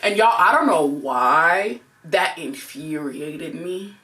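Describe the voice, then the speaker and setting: A young woman co-hosting a couple's channel, telling a story in a casual, animated way, full of "like" and acted-out quotes. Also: low voice, slow pace. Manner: animated, heavy use of "like", acts out quotes. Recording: voice a bit distant from mic.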